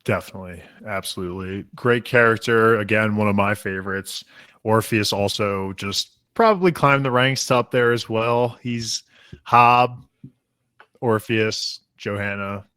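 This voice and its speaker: Guy in his 30s, low voice, casual rambly podcast chat, dry close mic, kinda emotional. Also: a little slow, pushed and bright, smooth, no room sound. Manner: emotional, rambling, self-deprecating. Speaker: podcast co-host.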